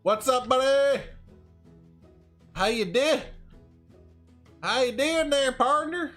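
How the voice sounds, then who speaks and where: A man voicing a folksy Southern cowboy who greets viewers in a high, drawling twang on a live game stream. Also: animated, slow, fairly bright tone, faint music behind, exaggerated voice. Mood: hearty welcome.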